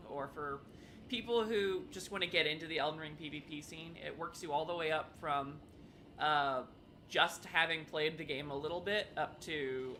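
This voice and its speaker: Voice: medium pitch, bright, forceful tone, a little hiss or hum. A new streamer chatting casually during live online matches, often apologizing and laughing along. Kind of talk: casual live gameplay commentary.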